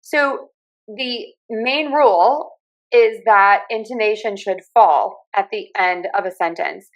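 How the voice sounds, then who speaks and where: A woman's voice: mid-range voice, slow, rough recording. Pittsburgh-accented woman explaining speech sounds. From Pittsburgh, USA. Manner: clear, friendly teacher who demonstrates sounds. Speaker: speech pathologist and communication coach.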